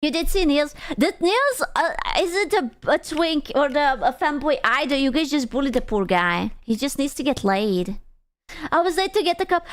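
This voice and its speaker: A woman's voice: high-pitched, lively intonation, moderate pace. A young adult woman streamer chatting casually and crudely with her chat, teasing and playful. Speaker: VTuber streamer.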